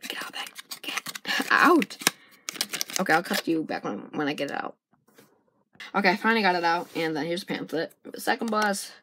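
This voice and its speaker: A woman casually chatting through an unboxing, excitable and rambling as she thinks aloud, recorded on a camera's built-in mic. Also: fairly low pitch, fast. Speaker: vlogger unboxing puzzle cubes. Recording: noisy amateur camera recording.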